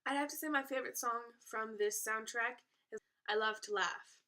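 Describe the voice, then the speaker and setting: A woman's voice: fairly high pitch, normal speed, bright, forceful tone. A teenage girl chatting casually to camera as a vlogger, playful and self-aware with little asides. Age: teens.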